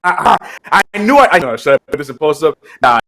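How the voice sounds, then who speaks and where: A young man co-hosts a casual sports talk show. His voice sits slightly high, and he keeps breaking into giggles mid-sentence. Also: very animated, quick pace, pushed and bright. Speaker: co-host.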